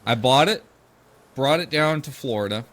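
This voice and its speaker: A middle-aged man, a podcast host, telling a family story casually, animated and swearing freely as he acts out the quoted voices. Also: medium pitch, moderate pace.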